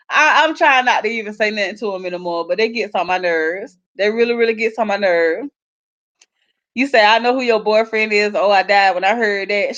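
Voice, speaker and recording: A woman's voice: mid-range voice, a bit bright, dull audio. A woman, chatting casually on a live stream as she reads viewers' comments aloud and laughs along with them. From South Carolina. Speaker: YouTube gossip vlogger reading live comments.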